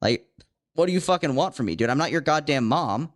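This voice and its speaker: Young man, profane fast-talking podcast co-host, a little high. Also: lively intonation. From Virginia. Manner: profane, ranting, quick-talking. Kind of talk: casual podcast chat.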